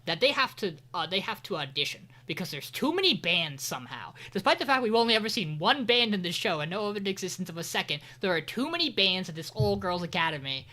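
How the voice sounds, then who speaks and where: A man chatting on a podcast, walking his co-hosts through an anime's latest episode. He talks in a loose, rambling way, drops casual profanity and slips in sarcastic asides. His voice sits bright and forward. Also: sits high, big pitch swings, fast talker, few pauses. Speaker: podcast co-host. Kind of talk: casual anime recap chat.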